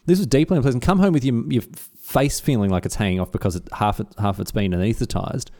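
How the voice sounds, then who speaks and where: A man co-hosting a podcast, telling stories in casual chat and jumping into high mock voices. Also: quick pace. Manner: animated storyteller, jumps into high mock voices. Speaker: podcast co-host.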